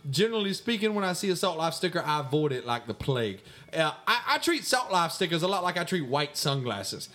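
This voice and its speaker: A man's voice: big pitch swings, fairly quick, bright, forceful tone. A man, co-hosting a comedy show and answering listener mail in a mock-pompous voice. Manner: mock-pompous, swings between high squeaks and low mutters. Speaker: podcast co-host answering fan mail in character.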